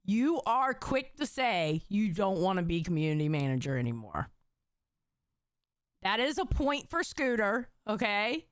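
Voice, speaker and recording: A woman's voice: on the high side, big pitch swings, slow pace, pauses often, a bit bright, no echo, studio quality. A woman live-streaming, reacting to clips and reading chat in blunt, profane, teasing banter.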